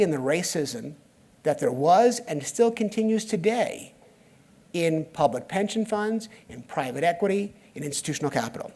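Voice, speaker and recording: Slightly high and darkish in tone, this middle-aged American man gives a keynote to a live conference crowd. His talk mixes storytelling, performed dialogue, and wry side comments.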